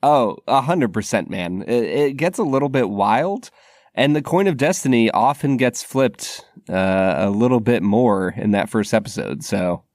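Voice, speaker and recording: A man's voice: mid-range voice, animated, a little slow, darkish tone, no echo, studio quality. A man co-hosting a casual podcast, trading laid-back, joking banter. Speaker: podcast co-host.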